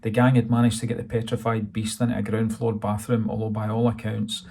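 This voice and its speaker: A man narrates his own novel in a low, flat, gravelly voice. His tone is dark and husky, and he tells the story in a dry, steady way. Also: a little fast. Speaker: author reading his novel. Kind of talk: audiobook narration.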